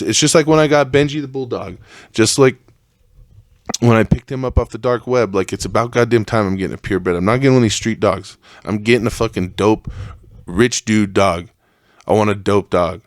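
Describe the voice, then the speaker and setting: Solo podcast host, young man, fired-up profane rants, lowish voice, dry close sound. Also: no echo. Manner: profane, heated rant that rises in pitch.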